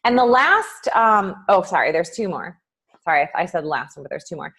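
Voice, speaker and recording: A woman life coach with lively intonation and a creaky, breathy edge speaks at normal speed in a casual, live-streamed motivational talk. She acts out inner voices with big swings in pitch and loudness and uses many ums.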